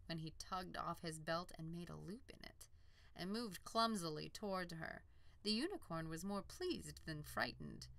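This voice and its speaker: A woman narrating an audiobook in a calm, measured storytelling voice. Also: fairly low pitch, vocal fry, dry recording. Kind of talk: scripted narration.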